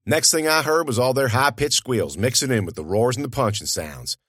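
A man's voice: mid-range voice, animated, a little fast, fairly bright tone, slightly rough, no echo, studio quality. A man narrating an audiobook in a folksy, conversational storytelling manner.

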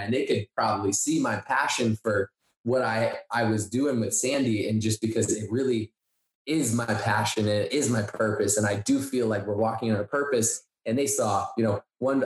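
A man co-hosting a podcast, telling a story in a casual, animated way and acting out the dialogue he quotes. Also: lowish voice. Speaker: podcast co-host. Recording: echoey room.

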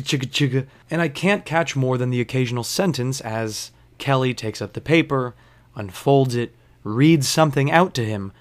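Young man, bartender, casual storytelling, profane, sarcastic, animated. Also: mid-range voice.

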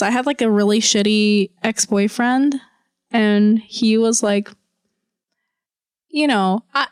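A woman's voice: medium pitch, no echo, studio quality. A woman co-hosting a podcast in casual chat, rambling with lots of "like" and "you know" and swearing freely. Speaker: podcast co-host.

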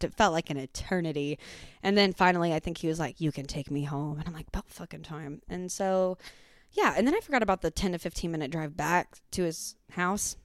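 Young woman, podcast host, chatty and animated, swears freely; low, smooth, dry-recorded voice. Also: no room sound. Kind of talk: casual storytelling chat.

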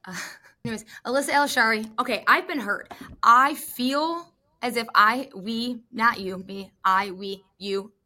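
A woman co-hosting a podcast, chatting casually in an animated, gushing, jokey way. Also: on the high side, a little slow. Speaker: podcast co-host. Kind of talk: casual chat about gymnastics.

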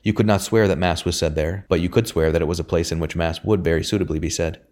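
A man narrating a novel chapter in a measured, even storytelling manner. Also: low voice. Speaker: audiobook narrator.

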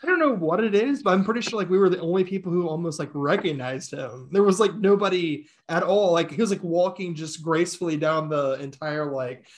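A man co-hosting a horror podcast, telling stories in a casual, animated way, laughing often and mimicking other people's voices. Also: high voice, a little fast, few pauses. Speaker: podcast co-host. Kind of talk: casual chat.

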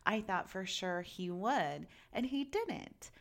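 A woman in her thirties giving casual, chatty advice as a parent, animated and laughing often as she talks. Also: mid-range voice, slow, gravelly. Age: 30s. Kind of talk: casual chat.

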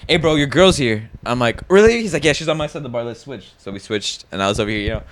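A man's voice: medium pitch, fast, fairly bright tone. A man, co-hosting a podcast in casual chat and rambling through party stories with heavy swearing and slang. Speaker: podcast co-host.

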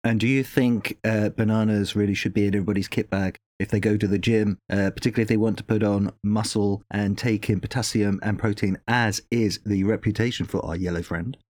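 A man's voice: lowish voice, fairly even intonation, brisk, few pauses, darkish tone, no echo. A male podcast host interviewing a guest in a jokey, theatrical manner, addressing listeners directly. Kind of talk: casual interview and playful commentary.

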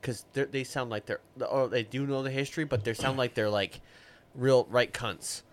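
A man's voice: medium pitch, fairly even intonation, fairly quick. A man co-hosting a podcast, bantering casually with profane, explosive outbursts. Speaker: podcast co-host.

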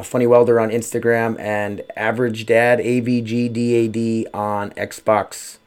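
A man's voice: mid-range voice, clean tone. Rambling, cursing podcast host man. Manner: rambling, profane, frequent "uh" fillers. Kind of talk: casual solo podcast chat. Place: at home.

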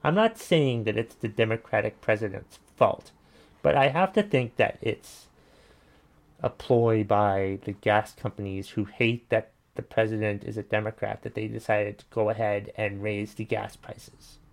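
A man's voice: on the low side, measured pace, gravelly. A man hosting a casual commentary show, ranting bluntly and swearing while he reacts to listener messages. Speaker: podcast host reading listener messages.

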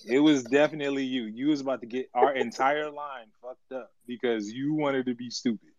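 A man's voice: mid-range voice, moderate pace, no room sound. Laughing man on a lo-fi stream. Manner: animated, laughs often, playful trash talk. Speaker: podcast co-host. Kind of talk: casual live audio-room chat.

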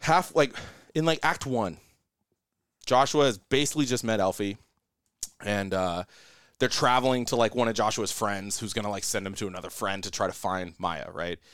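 A man co-hosting a podcast, excitedly retelling a film scene with lots of swearing and rambling. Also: fairly low pitch, normal speed, clear, resonant tone, no room sound, clean studio sound. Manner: excited, profane, rambling storytelling. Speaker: podcast co-host. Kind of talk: casual chat.

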